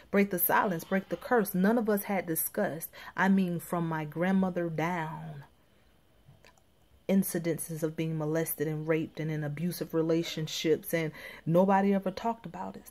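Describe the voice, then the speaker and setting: Woman, from Florida, lowish voice, life coach, personal testimony, intimate and emphatic, near whispers at times. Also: a little mellow.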